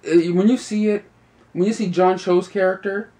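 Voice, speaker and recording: A man's voice: sits high, fairly even intonation, normal speed, warm tone. A young man giving a casual, rambling review, leaning on fillers like "you know" and "like" and laughing often. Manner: laughs often while talking. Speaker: video reviewer.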